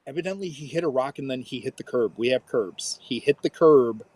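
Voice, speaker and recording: A man's voice: medium pitch, fairly quick, breathy edge. A man in his thirties, co-hosting a podcast and telling a story in casual chat, acting out what people said. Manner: animated storyteller, acts out quotes. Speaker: podcast co-host.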